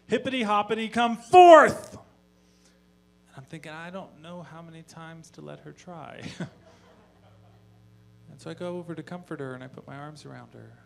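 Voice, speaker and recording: A man doing a stand-up comedy set on stage, telling stories in a deadpan voice with profane asides. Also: fairly high pitch, vocal fry, a little hiss or hum. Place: live comedy venue on stage.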